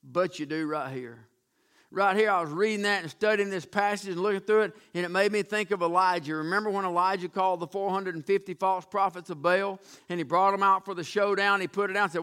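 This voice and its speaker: A man's voice: sits high, steady tone, a little fast, fairly bright tone, clear, resonant tone. A man preaching a sermon emphatically, often restarting words and calling out to his congregation.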